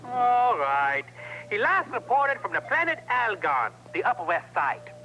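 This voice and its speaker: A man's voice: high voice, big pitch swings, a little slow, rough recording. An actor playing a wisecracking male ship computer with a German accent, cocky and teasing, in a 1970s TV comedy.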